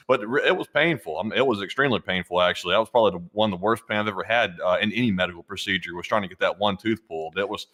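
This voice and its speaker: A man chatting casually on a live stream, his voice on the lower side. He talks quickly and rambles, with lots of fillers and restarts. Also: a bit bright. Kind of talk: casual chat.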